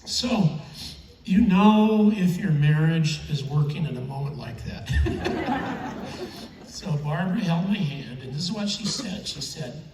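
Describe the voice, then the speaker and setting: A man with a fairly high voice tells stories from a stage, chatty and quick to chuckle, sometimes moved. His voice rings through a big echoing hall and sounds distant from the mic, with a faint ambient hum behind. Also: expressive, a little mellow. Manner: chatty, chuckling, emotional storyteller. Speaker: keynote speaker. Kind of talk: storytelling speech on stage. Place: large event hall. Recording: echoey hall, mic heard from afar.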